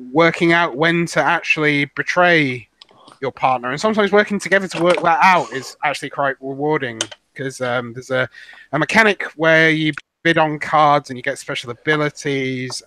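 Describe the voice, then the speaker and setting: Bright-voiced casual male podcaster. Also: medium pitch, a little hiss or hum. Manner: rambling, swears casually, many ums. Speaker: podcast co-host. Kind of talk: casual gaming chat.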